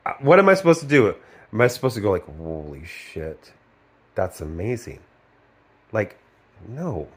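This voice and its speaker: A middle-aged man talks casually into his video, profane and sarcastic. His voice sits at an ordinary middle pitch, and he keeps breaking into mocking little impressions of others. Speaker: video host reviewing a film. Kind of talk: casual ranting commentary.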